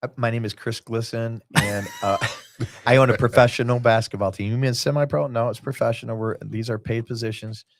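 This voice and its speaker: A man's voice: medium pitch, flat delivery, fairly quick, no room sound. Rambling man telling stories. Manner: rambling storyteller, jumps between tangents, acts out quotes. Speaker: guest, basketball team owner. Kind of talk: casual podcast chat.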